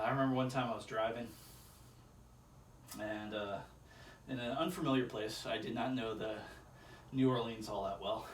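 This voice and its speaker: A man's voice: mid-range voice, recorded from a distance. Rambling man counting reps in echoey room. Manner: rambling, chuckling, counting reps under his breath. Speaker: vlogger doing a workout. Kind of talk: casual self-filmed workout commentary. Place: indoor room with chairs. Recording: echoey room, voice from off-mic, faint ambient noise.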